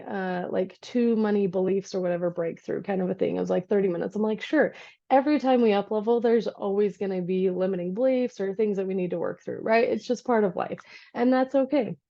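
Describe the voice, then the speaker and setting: Chatty woman with a low-fi sound. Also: creaky. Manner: chatty, animated retelling with voiced asides. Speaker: energy healer. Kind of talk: casual vlog monologue. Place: home office. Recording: dull lo-fi recording.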